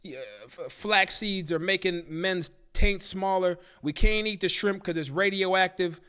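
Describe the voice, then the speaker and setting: Man, livestream host, profane, incredulous rant, higher-pitched voice. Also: a little slow, hardly any pauses, fairly bright tone. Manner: profane, incredulous, ranting with disbelief. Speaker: livestream talk show host. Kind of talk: casual live-stream rant.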